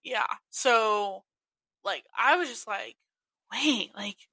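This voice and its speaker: A young woman hosting a podcast, telling college stories in a giggly, animated way. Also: a little high, slow, dry recording, poor audio. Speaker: podcast host. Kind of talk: casual chat.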